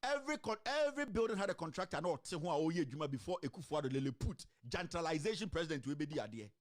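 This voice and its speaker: A man with a Ghanaian accent giving animated political commentary, mixing a local language with English and firing off rhetorical questions. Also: a little high, fast talker. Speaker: online commentator.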